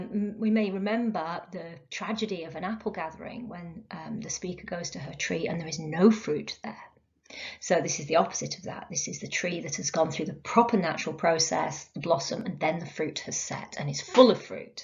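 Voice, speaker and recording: Woman, lecturer, lower voice, explanatory, hesitant fillers, dull lo-fi sound. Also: normal speed, creaky. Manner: explanatory, with frequent ums and uhs. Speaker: teacher. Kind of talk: recorded literature lecture. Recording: dull lo-fi recording.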